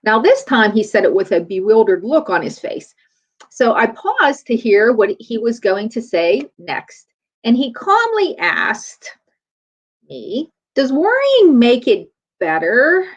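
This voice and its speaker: A woman's voice: fairly high pitch, very animated, takes it slowly. Middle aged lady chiropractor doing a faith talk, chatty storyteller, kinda muffled lo-fi audio. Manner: conversational storytelling. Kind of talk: faith-based motivational talk. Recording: dull lo-fi recording.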